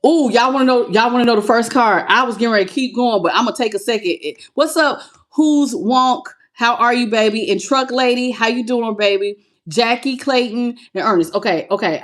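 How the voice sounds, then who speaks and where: A woman reading tarot cards live on her channel, greeting viewers by name and calling them baby with animated excitement. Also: mid-range voice. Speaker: tarot reader.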